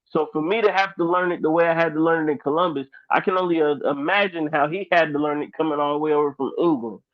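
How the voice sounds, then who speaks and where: Podcast co-host from Ohio, fairly high male voice, animated and rambling, thin phone-like dry recording. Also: quick pace, no room sound. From Dayton, Ohio. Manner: animated, rambling, lots of fillers. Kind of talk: casual chat. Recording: dry, tinny phone-like sound.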